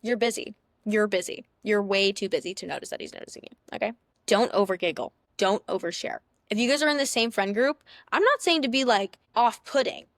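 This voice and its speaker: A young woman, voice at an everyday mid pitch, dishes out dating advice in a chatty, sassy, playful tone. She sounds like a big sister confiding in a friend. The recording is close and dry, with no room echo. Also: animated, fairly quick. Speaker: podcast host. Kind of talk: casual advice talk.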